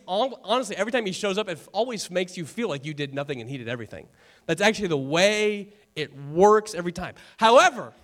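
A pastor giving an earnest, conversational sermon, repeating key phrases and turning to the congregation with casual asides. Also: male voice, sits high, fairly bright tone.

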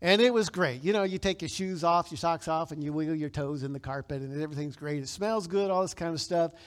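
A man with a notably high speaking voice preaches a sermon. He talks in a casual, conversational way, then rises into loud, emphatic scripture lines that he has the congregation repeat back to him. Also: quick pace. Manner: leads the congregation in call-and-response. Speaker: pastor.

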